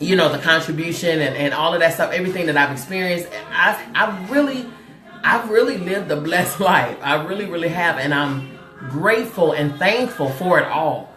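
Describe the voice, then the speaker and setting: A woman's voice: fairly low pitch, a bit bright, roomy sound. Laughing woman hosting a motivational stream. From Chicago, USA. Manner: laughing often, repeating phrases, addressing viewers directly. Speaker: host. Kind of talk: casual motivational livestream talk.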